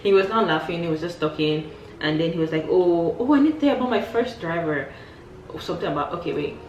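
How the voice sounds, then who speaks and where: A woman with a lowish voice tells stories casually for her vlog, animated and jumping into bits of dialogue. She sounds a little distant from the mic in a roomy, echoing space. Faint music plays underneath. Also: fast, a little hiss or hum. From Nigeria. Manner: animated, acts out quoted dialogue with big pitch jumps. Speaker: vlogger. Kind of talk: casual storytelling chat.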